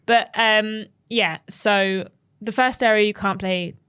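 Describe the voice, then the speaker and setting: A woman's voice: mid-range voice, steady tone, slow pace, a bit bright, clean tone. A woman co-hosting a gaming podcast, chatting in a bubbly, enthusiastic and rambling way. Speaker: podcast co-host. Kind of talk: casual chat.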